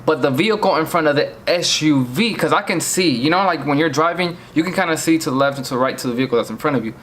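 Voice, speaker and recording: A man's voice: fairly high pitch, fast talker, a bit bright, a little hiss or hum. A man from Virginia recounts a near crash in a vlog, shaken and earnest, often repeating himself as he pleads with viewers. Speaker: vlogger.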